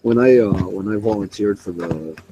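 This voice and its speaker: A man's voice: on the low side, moderate pace, mellow, lo-fi sound, slight background noise. Swearing young man telling a story. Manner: profane, rambling, laughing. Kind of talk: casual voice chat storytelling.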